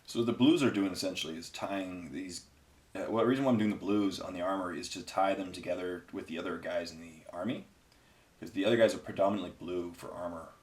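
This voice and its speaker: A man's voice: low voice, fast. A man hosting a hobby painting video, chatting casually and rambling with many fillers while he paints miniatures.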